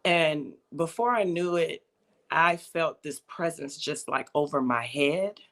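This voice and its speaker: Gravelly-voiced woman sharing a testimony. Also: low-pitched, takes it slowly. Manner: emotional, storytelling, acts out quoted voices. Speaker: guest. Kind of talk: personal testimony in casual chat.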